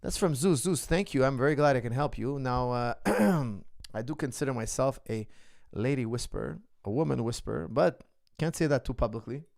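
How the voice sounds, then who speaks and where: A man's voice: medium pitch, lively intonation, normal speed, creaky, darkish tone, no room sound, studio quality. A middle-aged man, a martial arts coach, answering viewer questions in an earnest, philosophical casual monologue. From the West.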